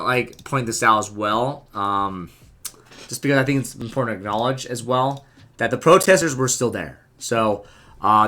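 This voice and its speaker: A man casually narrating his vlog, excited and rambling with lots of fillers. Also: medium pitch. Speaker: vlogger.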